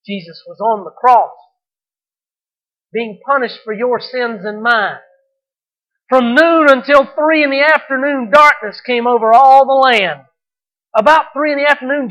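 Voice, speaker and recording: A man's voice: extremely high pitch, sharp tone, rough recording. A man preaching a sermon as pastor, earnest and emphatic, repeating his points for weight.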